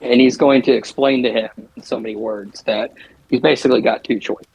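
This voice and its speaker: A man playing a tabletop game, calmly describing what his character does. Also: mid-range voice, brisk, creaky, lo-fi sound, a little hiss or hum. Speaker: player.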